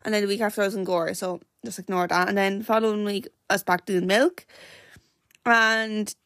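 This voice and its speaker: A woman's voice: mid-range voice, steady tone, brisk, a bit bright, no room sound, studio quality. Chatty Irish woman telling a story. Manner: rambling, full of "like" and self-corrections. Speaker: podcast host.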